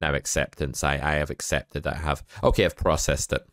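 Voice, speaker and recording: A man with a Scottish accent hosting a podcast, talking in a flat, monotone way with dry, deadpan humor. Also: extremely low pitch, moderate pace. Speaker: podcast host. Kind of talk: casual chat.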